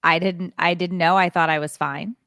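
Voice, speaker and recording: Bright-voiced woman telling a story. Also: fairly low pitch, moderate pace, dry recording, clean studio sound. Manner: animated storyteller, frank and self-deprecating. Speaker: podcast co-host. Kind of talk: casual chat.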